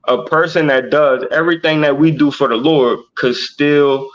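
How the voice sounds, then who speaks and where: A man with a fairly high voice teaches scripture on a livestream. He works through each verse slowly and keeps tagging "right?" onto his points. The audio is muffled and lo-fi, the way a livestream sounds. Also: steady tone. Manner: explains slowly, asks "right?" after nearly every point. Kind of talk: bible study livestream.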